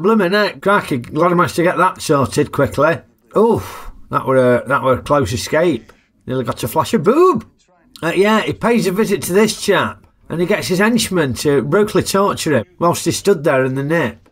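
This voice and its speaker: A man's voice: a little high, lively intonation, normal speed, a bit bright. A man giving a chatty, jokey film review full of tag questions. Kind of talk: casual film review narration.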